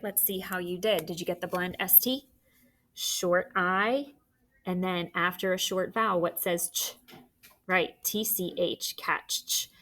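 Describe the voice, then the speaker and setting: A woman's voice: fairly low pitch, bright, forceful tone. A woman teaching a phonics lesson, patiently dictating words and sounds and encouraging young students.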